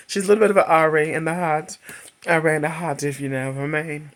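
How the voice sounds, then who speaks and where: A man in his thirties giving a chatty, laughing movie recap and review, acting out characters' lines in a high voice. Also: normal speed, fairly bright tone.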